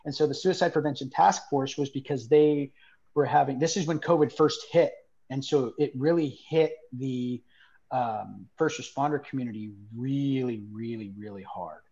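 A man's voice: medium pitch, moderate pace, warm tone, lo-fi sound. A man, the founder of a nonprofit, earnestly telling a personal story in a conversation, with lots of "like" fillers. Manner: earnest, rambling, many "like" fillers.

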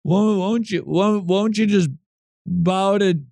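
A man mocking a soft, pleading preacher, raising his voice and drawing out the words. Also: high-pitched, fairly even intonation, slow pace, gravelly, no room sound, studio quality, pitched above the performer's own voice, full character voice. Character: pleading, syrupy male preacher.

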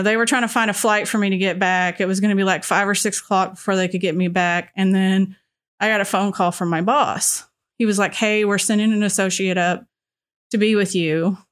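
Middle-aged woman telling a personal story. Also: medium pitch. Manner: recounting events with quoted dialogue and frequent "you know" fillers. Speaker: radio listener guest.

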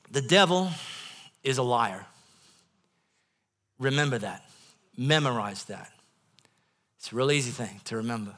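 A man preaching a sermon in a church, swinging from hushed passages to loud bursts and repeating phrases for emphasis. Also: medium pitch, animated, a little slow, long pauses. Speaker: pastor.

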